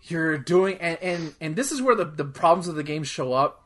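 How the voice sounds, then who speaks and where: A man's voice: fairly high pitch, animated, normal speed, a bit bright. A man co-hosting a podcast, chatting casually about video games, rambling with lots of "like" and swearing freely. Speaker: podcast co-host. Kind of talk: casual gaming chat.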